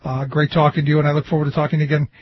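A man hosting a radio talk show, friendly and brisk, reading out call-in details. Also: fairly high pitch, level tone, slightly rough. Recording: dull radio broadcast with music.

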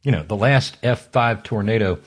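Husky-voiced guy hosting a political talk show, fired up and sarcastic, keeps restarting sentences. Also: fairly low pitch, normal speed. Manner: ranting, sarcastic, fiery, with many restarts. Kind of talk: impassioned political monologue.

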